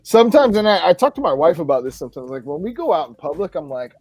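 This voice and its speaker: Chatty man with a slightly high voice. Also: big pitch swings, quick pace, darkish tone, breathy edge, no echo, soft background music. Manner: rambling, laughs often. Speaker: podcast host. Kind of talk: casual podcast chat. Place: home studio, Florida.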